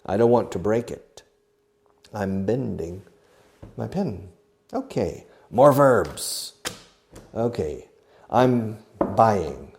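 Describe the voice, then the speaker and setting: Slow, lively man teaching English. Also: lowish voice. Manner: acts out each verb while naming it, slipping in quick translations. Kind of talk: beginner English lesson.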